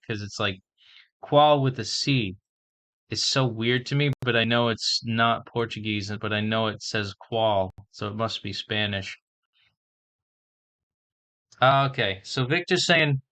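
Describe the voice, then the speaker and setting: A man vlogging casually as he learns a language, slowly sounding out and spelling words and thinking aloud. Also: mid-range voice, bright, forceful tone.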